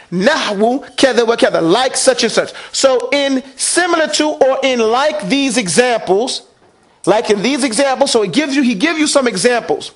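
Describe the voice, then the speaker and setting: A man's voice: extremely high pitch, a bit bright. A man teaching Quran recitation in a classroom, asking questions and having the students repeat after him. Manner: asks the class questions and drills them to repeat. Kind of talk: classroom lesson.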